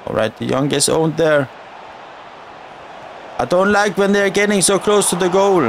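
High-voiced man narrating a football game. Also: moderate pace, a little hiss or hum. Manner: chatty, complaining at the referee and players. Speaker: gaming video creator. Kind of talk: live football-game commentary.

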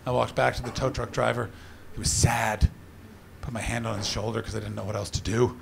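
A man performing a stand-up comedy set, telling a story in an animated way, full of swearing and asides to the crowd. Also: lowish voice, fairly quick, gravelly. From Canada. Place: comedy venue stage with live audience. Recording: noisy live room with audience laughter.

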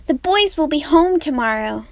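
A woman reads a calm, kindly farm wife in an audiobook. Her voice rises high and bright with eagerness, yet stays patient and sensible. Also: normal speed, dry recording.

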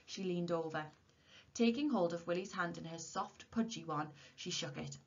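A woman teacher reading a novel aloud to her class in a steady, expressive way. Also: on the low side, normal speed. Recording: dull lo-fi recording.

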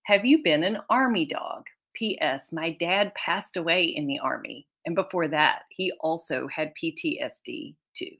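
A woman's voice: low-pitched, animated, measured pace, gravelly, few pauses, a bit bright, breathy edge. Tearful, emotional woman author presenting over a video call; reads children's letters aloud and laughs often. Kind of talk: conference presentation reading letters.

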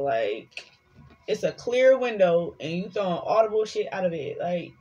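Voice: medium pitch, big pitch swings, unhurried, a little mellow, slightly rough, muffled recording. A tarot reader giving a casual collective reading, chatty and sassy, swearing freely and rambling between the cards.

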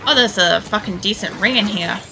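A woman streamer giving casual, chatty gameplay commentary, swearing freely as she thinks out loud. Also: mid-range voice, brisk, noisy background. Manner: chatty and profane, thinking aloud. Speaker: game streamer.

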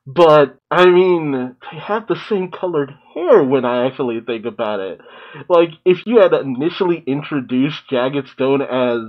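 A man's voice: a little high, expressive, unhurried, lo-fi sound. A man giving casual, emotional reaction commentary on a cartoon episode, often exclaiming and laughing. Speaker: reaction video host.

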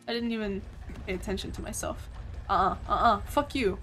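A woman's voice: mid-range voice, normal speed, long pauses, slightly rough, faint music behind. A woman with an Australian accent streaming a game, commenting casually, swearing often and breaking into sudden yelps and laughs. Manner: excitable, swears a lot, bursts into yelps and laughs.

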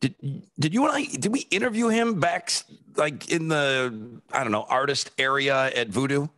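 A man's voice: mid-range voice, normal speed, pushed and bright. A man co-hosting a podcast, chiming in with short reactions and his own memories. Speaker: podcast co-host. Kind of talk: casual chat.

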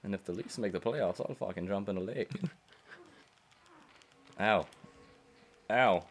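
A low, deep-voiced man in casual gaming banter, complaining through a bout of hiccups. He swears freely and drops dry, deadpan jokes between plays. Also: measured pace, a little hiss or hum. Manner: grumbling, profane, dry jokes. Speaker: let's play co-host.

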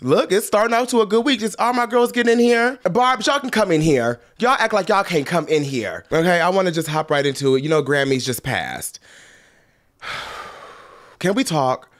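A man's voice: high-pitched, animated, brisk, few pauses, a bit bright. A man with a congested, stuffy voice giving chatty, sassy pop culture commentary straight to his viewers. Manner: chatty and sassy, calling listeners girl and honey. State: congested from blocked sinuses.

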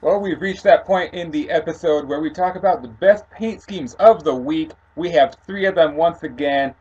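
A man co-hosting a casual racing podcast who introduces the segments in a relaxed way. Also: a little high, moderate pace, slightly rough, muffled recording. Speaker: podcast co-host. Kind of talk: casual sports podcast chat.

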